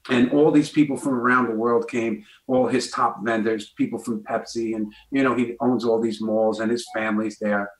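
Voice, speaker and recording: A man's voice: mid-range voice, fairly even intonation, moderate pace, hardly any pauses, roomy sound, poor audio. A man, a guest comedian telling a story on a talk show and acting out the voices in it.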